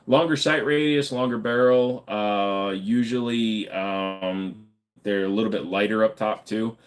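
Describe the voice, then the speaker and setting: Man, livestream host, lowish voice, casual, joking, swears freely, reads chat aloud. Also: measured pace. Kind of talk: casual live chat answering viewers.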